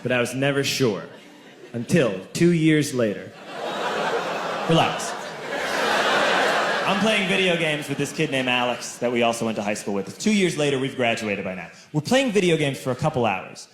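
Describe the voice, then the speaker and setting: A young adult man telling a stand-up story on stage, animated, shouting punchlines and acting out quotes. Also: medium pitch, normal speed, long pauses. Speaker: stand-up comedian. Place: stage before a laughing audience. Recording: echoey room with loud audience noise.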